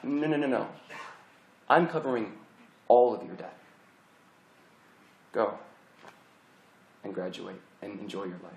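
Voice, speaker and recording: Stern, quiet-spoken woman college president, as a preacher acts her out, told in an echoey hall. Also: fairly low pitch, lively intonation, a little slow, vocal fry, long pauses, voice pushed down. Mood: generous. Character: stern female university president. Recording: roomy hall echo.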